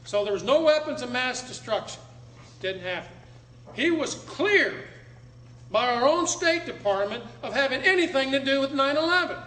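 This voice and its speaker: Blunt, high-voiced American man lecturing. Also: animated, a little fast. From United States. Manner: blunt, dramatic, with sudden loud bursts. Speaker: public speaker. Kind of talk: lecture to a live audience. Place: meeting room with an audience. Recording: echoey room, faint background noise.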